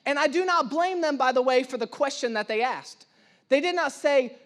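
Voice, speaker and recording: A young man with an unusually high voice for a man preaches in church. He tells stories with humor and energy, and he slips into the voices of the people he quotes. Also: normal speed. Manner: animated, acts out quoted voices, self-deprecating humor. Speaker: pastor. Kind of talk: sermon with storytelling.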